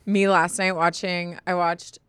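A woman's voice: lowish voice, level tone, measured pace, a bit bright, clean tone. Giggly young woman, chatty podcast host. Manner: chatty, giggly, uses like a lot. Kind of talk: casual podcast chat with ad read.

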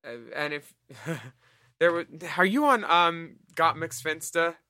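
A man trading crude, sardonic jokes as a podcast co-host. His voice sits a little high and sounds very sharp, recorded dry and close. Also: big pitch swings, takes it slowly, no room sound. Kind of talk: casual podcast banter.

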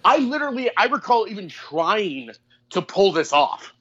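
A man in his thirties co-hosting a podcast, telling profane, animated stories in casual chat and mimicking people as he goes. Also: high voice, moderate pace, breathy edge, muffled recording. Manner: profane, animated storytelling with mock voices. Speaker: podcast co-host.

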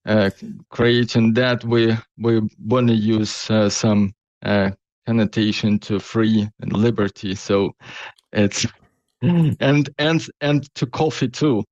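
A man's voice: lowish voice, steady tone, slow pace, a little mellow, dry recording, muffled recording. A man as the interview guest, answering hesitantly with non-native phrasing. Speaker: guest, company founder.

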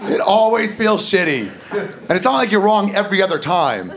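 Gravelly stand-up comic man. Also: sits high, big pitch swings, moderate pace, heavy background noise. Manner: loose, storytelling, crude. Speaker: stand-up comedian. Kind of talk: stand-up comedy set. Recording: live stand-up with loud crowd laughter.

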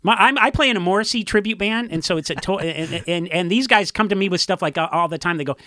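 A man from Orange County, a punk musician, telling rambling, animated stories in a casual interview and acting out what others said. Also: sits high, fast talker, few pauses, no echo, studio quality. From Orange County, California. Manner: rambling, animated storytelling with acted-out quotes.

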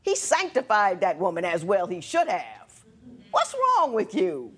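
A woman's voice: medium pitch, huge pitch swings, unhurried, breathy edge. A woman presiding as a TV court judge, lecturing in a stern, emphatic manner. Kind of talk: courtroom TV show judging.

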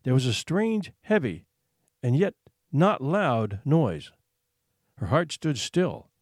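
Man reading a story with lively expression. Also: mid-range voice, takes it slowly, no room sound, studio quality. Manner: expressive, suspenseful, hushed for tension. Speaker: narrator. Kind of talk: dramatic reading of a short story.

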